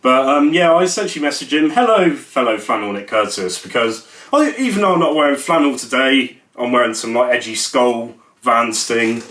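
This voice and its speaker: A man's voice: mid-range voice, expressive, moderate pace, few pauses, a bit bright. A young man, rambling and joking at his own expense in a casual vlog. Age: young adult. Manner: jokey, rambling, self-mocking. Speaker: YouTuber. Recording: echoey room.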